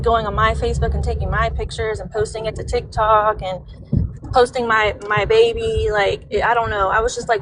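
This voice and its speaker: A woman venting on a livestream, rambling and emphatic, heavy with swearing. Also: medium pitch. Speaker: livestream guest. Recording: noisy background.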